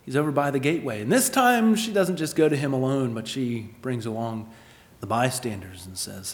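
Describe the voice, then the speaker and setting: A man preaching a sermon, asking rhetorical questions and moving between emphatic lines and hushed ones. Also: mid-range voice, animated, normal speed, few pauses, in a large hall. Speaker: pastor.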